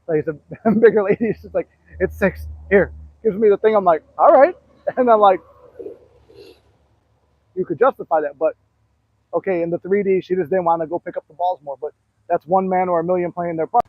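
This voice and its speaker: Out of breath and walking, a manifestation coach with a high voice tells rambling stories full of fillers at a quick pace and in a steady tone. It's a casual live talk, recorded in dry, tinny, phone-like audio with no room sound.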